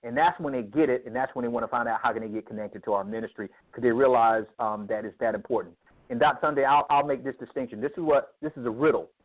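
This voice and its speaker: A man's voice: medium pitch, steady tone, fast. A man being interviewed about men's ministry who speaks in an emphatic, preacherly way, acting out dialogue as he tells stories. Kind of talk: animated interview storytelling. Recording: tinny phone line.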